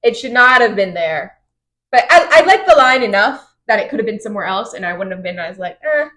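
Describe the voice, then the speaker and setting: A woman's voice: mid-range voice, expressive, brisk, fairly bright tone. A young woman co-hosting a casual book podcast, recapping chapters in a loose, chatty way full of "like" and acted-out quotes. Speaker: podcast co-host. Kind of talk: casual book discussion chat.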